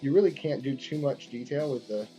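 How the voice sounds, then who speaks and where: Rambling man with a mellow voice. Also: mid-range voice, a little fast. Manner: rambling, full of fillers and restarts. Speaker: artist live-streaming a drawing session. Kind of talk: casual chat while drawing. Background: faint guitar music.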